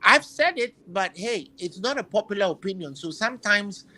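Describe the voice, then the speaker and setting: A man's voice: high voice, lively intonation, normal speed, sharp tone, poor audio. A man hosting a football chat, giving emphatic opinions and repeating phrases while he searches for words. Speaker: football podcast host.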